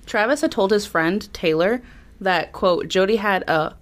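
Unhurried and medium-pitched, a podcast co-host chats through a true crime story drawn from her notes. Her delivery is casual, with frequent ums.

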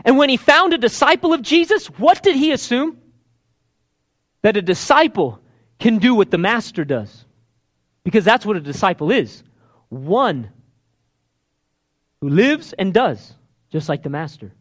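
A man's voice: sits high, very animated, measured pace, pauses often, a bit bright. A man preaching a sermon, telling a story with energy and acting out the characters' voices. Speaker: pastor.

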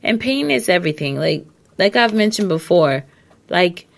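A woman's voice: on the low side, animated, moderate pace, gravelly. A woman hosting a casual advice monologue, blunt and emphatic, swearing and repeating herself, hiccuping. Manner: emphatic, repetitive, blunt with profanity.

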